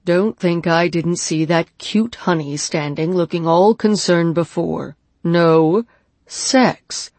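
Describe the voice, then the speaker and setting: A woman voicing a gruff, blunt male doctor who lectures his patient in an audiobook. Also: on the low side, animated, takes it slowly, hardly any pauses, no room sound, heavily acted. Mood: scolding. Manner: lecturing, scolding.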